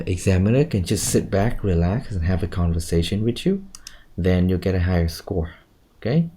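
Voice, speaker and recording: Low, mellow-voiced English teacher, man. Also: a little hiss or hum. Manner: corrective, ends phrases with "okay?". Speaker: IELTS speaking teacher. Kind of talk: one-on-one speaking coaching.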